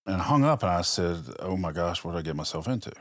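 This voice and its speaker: A man's voice: deep voice, expressive, fast talker, no room sound, studio quality. A man, a police officer guest on a podcast, telling stories in casual chat and acting out the dialogue he quotes.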